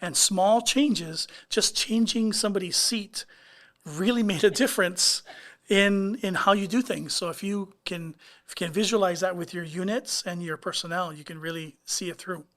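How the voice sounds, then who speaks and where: A man's voice: high-pitched, normal speed, fairly bright tone. A man co-hosting a casual talk show, chatty and given to trailing restarts. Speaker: co-host. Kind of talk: casual podcast chat.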